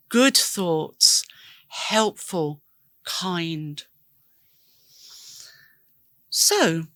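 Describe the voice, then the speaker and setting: A woman's voice: mid-range voice, a bit bright, no room sound. A woman hosting a podcast, giving an earnest, encouraging self-help talk straight to her listeners. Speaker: podcast host.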